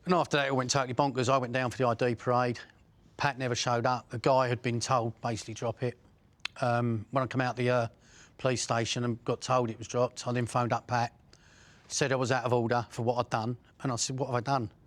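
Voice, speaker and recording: A man's voice: medium pitch, little pitch movement, a little fast. A middle-aged man with an Essex accent, bluntly recounting crime stories, swearing and restarting often. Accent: Essex English. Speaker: interviewee.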